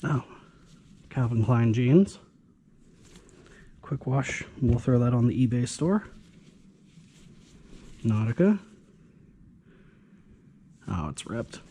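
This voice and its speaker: Male reseller, mid pitch, warm low-key tone, casual sardonic running commentary while he has hiccups. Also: expressive, takes it slowly, pauses often, slight background noise. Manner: offhand, dryly sarcastic remarks. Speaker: storage locker reseller.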